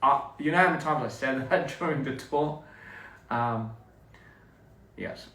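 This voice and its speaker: Man on a roomy, distant phone live. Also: mid-range voice. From Australia. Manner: relaxed, halting, many fillers and restarts. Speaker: livestream host. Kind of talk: casual livestream chat with viewers. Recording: roomy echo, distant mic, faint noise.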